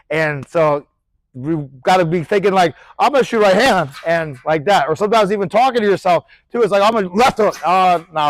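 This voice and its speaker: Chatty, high-voiced boxing coach. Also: male voice, no echo, poor audio. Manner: animated, demonstrates punches with shouted sound effects; loose, chatty, swears casually. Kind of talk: casual instructional talk.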